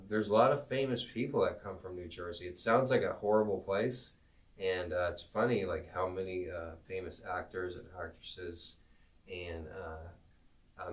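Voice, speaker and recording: A man teaching a live-streamed geography lesson, rambling and halting, with self-promoting asides. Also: deep voice, distant mic.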